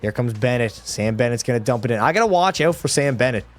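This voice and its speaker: A man calls hockey video game action into a desk microphone at home, in a mid-range voice. He talks like a play-by-play announcer and breaks into excitable, frustrated outbursts. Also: mid-range voice, fast talker, soft background music. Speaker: gaming creator. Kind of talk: live gameplay commentary.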